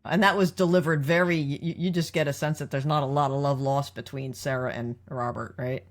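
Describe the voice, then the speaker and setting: A woman hosts a podcast, discussing episodes in a casual yet analytical way and leading the conversation by asking her co-host questions. Her voice is very deep, steady in tone, and fairly quick.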